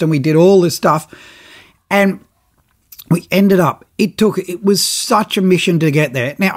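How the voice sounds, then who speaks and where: A middle-aged man tells a story on his podcast in a loose, chatty way. His voice sits a touch high for a man, and he brings the other people in his tale to life with quick bits of dialogue. It all feels easy and conversational. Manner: animated, acts out others' lines in his own voice. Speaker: podcast host telling a travel story. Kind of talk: casual storytelling.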